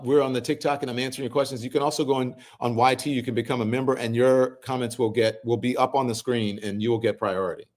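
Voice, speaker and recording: A middle-aged man hosting a livestream, reading viewers' comments aloud and answering them in a relaxed, conversational way. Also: mid-range voice. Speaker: host reading live chat comments. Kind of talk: casual livestream chat.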